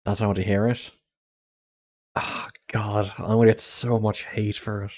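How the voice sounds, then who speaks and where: A man's voice: lowish voice, little pitch movement, normal speed. Jokey man streaming a game. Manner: jokey, crude, self-mocking. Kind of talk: live game playthrough commentary.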